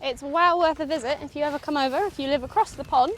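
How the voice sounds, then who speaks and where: A woman's voice: high voice, fast talker, fairly bright tone, a little hiss or hum. A woman from England chatting playfully on an outdoor countryside walk, teasing her partner. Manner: playful, teasing, breaks into song. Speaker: travel vlogger. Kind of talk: casual chat on a walk.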